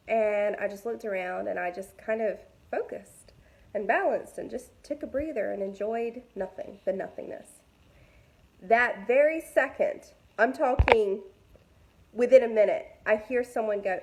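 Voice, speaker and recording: An adult mother and faith vlogger gives women a casual devotional message in a medium-pitched voice at a moderate pace. She is chatty and candid, uses many fillers, and speaks straight to her listeners.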